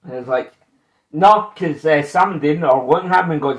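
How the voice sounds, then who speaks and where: A man's voice: fairly high pitch, moderate pace, roomy sound, low-quality recording. A man co-hosting a podcast, chatting casually and swearing as he retells a TV plot. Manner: chatty, laughing along, sweary. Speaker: podcast co-host. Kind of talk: casual chat.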